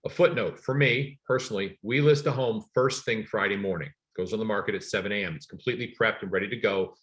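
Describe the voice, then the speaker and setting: Fast-talking energetic real estate trainer, man. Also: on the low side. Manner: energetic, storytelling, emphatic. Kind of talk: live online sales class.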